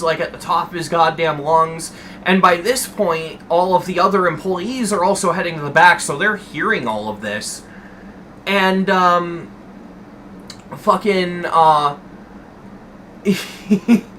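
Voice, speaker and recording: A man's voice: sits high, unhurried, pushed and bright, a little hiss or hum. A young man streaming, telling a story to his chat in a casual, rambling way and swearing freely.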